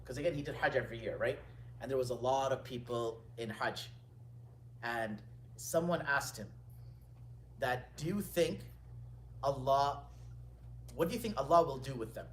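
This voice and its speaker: A man teaching a religious gathering, telling stories with lively retelling, quoting Arabic lines and then translating them. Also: medium pitch, slight background noise. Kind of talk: storytelling lecture. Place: indoor gathering room. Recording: echoey room, distant mic.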